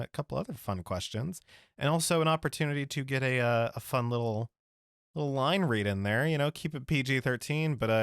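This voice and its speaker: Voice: medium pitch, clean tone, no echo, studio quality. A podcast co-host in casual chat, teasing and jokey, reading out the show's plugs.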